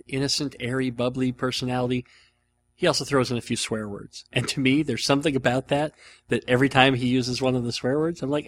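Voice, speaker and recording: A man's voice: medium pitch, fairly bright tone. A man hosting a casual radio-style show, talking in a rambling, self-deprecating way with frequent restarts. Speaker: host.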